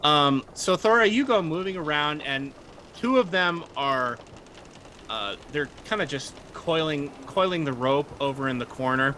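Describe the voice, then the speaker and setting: A man's voice: fairly high pitch, lively intonation, measured pace, bright, forceful tone. A man narrating as game master of a tabletop game, rambling through scenes with many fillers.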